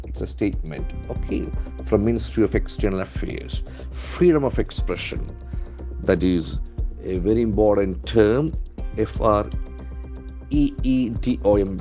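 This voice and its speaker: A man leads a newspaper vocabulary lesson. His voice sits low and sounds mellow and dark. He spells words letter by letter and repeats each one. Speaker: English trainer.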